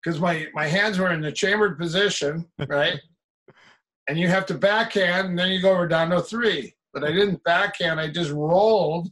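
A man coaching martial arts tells a story on a podcast in a lively way, breaking into laughter as he goes. His voice sits a little high and sounds bright and forceful. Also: moderate pace, rough recording.

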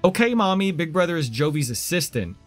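Man voicing a video game toddler girl, high and childish, third-person speech, slow and sweet. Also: sing-song, soft background music. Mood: eager.

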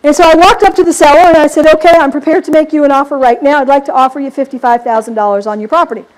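A woman's voice: high voice, fairly even intonation, racing, low-quality recording. A middle-aged woman teaching a real estate seminar, telling a story with energy and acting out both sides of each conversation. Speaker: real estate investing trainer. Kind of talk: seminar talk to a live audience.

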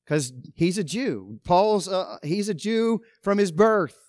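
A man pastor preaching a sermon, emphatic, with loud stresses and quiet asides. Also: high voice, very animated, takes it slowly, dry recording, clean studio sound.

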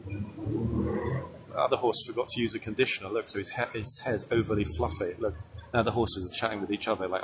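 A man's voice: fairly low pitch, steady tone, fairly quick, noisy background. A man working as a tour guide, giving chatty, joking live commentary to a group outdoors. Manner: joking, chatty, addresses the crowd. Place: outdoors at a ceremony. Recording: outdoor crowd ambience.

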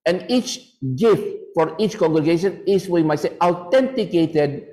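A man on a panel, adding to an answer in a halting way, tagging phrases with "no?". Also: on the high side, mellow, rough recording. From Philippines. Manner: halting, restarts, filler "no?". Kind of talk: answering a question in a panel talk.

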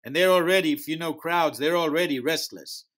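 A man who founded a music festival tells an interview story in animated fashion, acting out quoted dialogue in slightly non-native English. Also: a little high, brisk.

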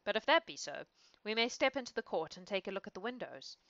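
A woman's voice: mid-range voice, very animated, fast, creaky, a bit bright, dry recording, lo-fi sound. A woman reading the lines of an earnest, kindly lawyer in a storybook reading, in her own voice.

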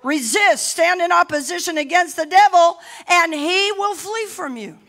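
Woman pastor, sermon, bold preaching with shouted lines, bright tense voice. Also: extremely high pitch, unhurried. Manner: bold preaching, rising to shouts, laughing asides.

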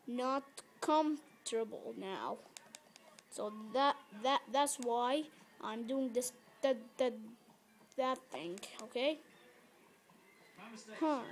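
High voice, slow halting speech, repeats words, yells at game animals, phone recording. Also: slight background noise. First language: Arabic. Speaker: gameplay video maker. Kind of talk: casual gameplay commentary. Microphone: phone camera held between the knees.

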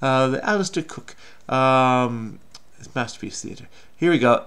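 A man's voice: mid-range voice, expressive, measured pace, gravelly, a bit bright, clean tone. A man hosting a crossword video, talking through his solve in a rambling, self-mocking, chatty way. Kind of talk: casual solo commentary while solving.

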